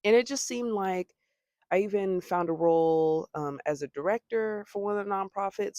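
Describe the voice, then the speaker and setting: A young American woman talking casually to the camera in a vlog, chatty, with laughing asides and lively quoting of her own thoughts. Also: on the low side, normal speed, no echo, studio quality. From United States. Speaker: vlogger. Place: home abroad.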